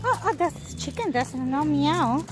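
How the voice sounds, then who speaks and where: A mother vlogging outdoors at a farm, talking slowly to her toddler in coaxing baby talk and making animal sounds. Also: high-pitched, animated. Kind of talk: casual vlog narration while talking to a toddler. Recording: noisy outdoor camera audio. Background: outdoor noise and animals.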